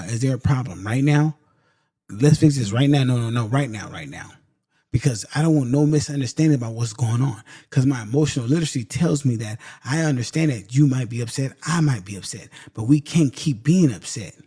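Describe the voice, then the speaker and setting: A podcast host with a dark, mid-range voice gives a casual motivational talk, speaking straight to listeners as "y'all." He's emphatic, driving points home by repeating them, and the studio recording is clean with no echo.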